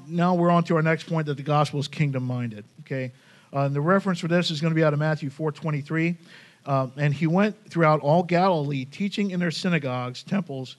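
Guy preaching casually, kinda high voice, chatty and animated, keeps saying man. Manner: conversational, animated, says "man" often. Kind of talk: casual sermon with Bible reading.

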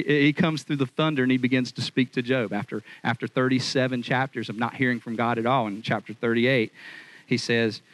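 A man preaching a casual, conversational sermon in an animated, chatty way. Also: mid-range voice, rough recording. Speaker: pastor.

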